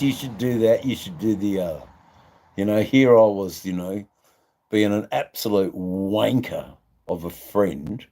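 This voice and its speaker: A man's voice: deep voice, dark tone. A man hosting his own live stream, rambling in a crude, jokey way with lots of ums and laughs. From Australia. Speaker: livestream host. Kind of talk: casual live-stream chat.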